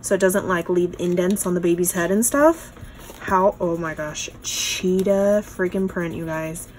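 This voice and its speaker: A young woman hosting a casual craft unboxing, gushing and excitable as she shows each piece. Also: lowish voice, measured pace, a little hiss or hum. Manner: gushing, excitable, lots of "oh my gosh" and "you guys". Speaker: craft channel host. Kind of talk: casual unboxing show-and-tell.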